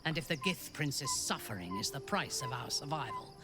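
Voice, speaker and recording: A haughty warrior companion. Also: female voice, deep voice, wildly swooping pitch, over music. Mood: cold. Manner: formal, measured speech. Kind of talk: video game dialogue.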